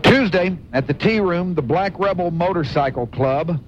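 A man co-hosting a radio show, reading concert listings between jokes from the others. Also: moderate pace. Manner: reads listings, laughs between items. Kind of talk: casual radio banter. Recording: muffled radio recording with faint rumble.

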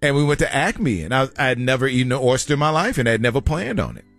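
Animated man chatting casually. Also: mid-range voice, fast, dry recording, faint music behind. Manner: storytelling, animated quoted asides. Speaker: podcast co-host. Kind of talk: casual chat.

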